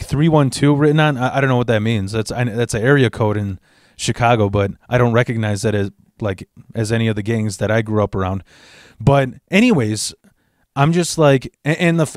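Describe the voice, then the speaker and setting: A man hosting a show, telling a story in a casual, animated and profane way. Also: mid-range voice, no echo, clean studio sound. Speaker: host.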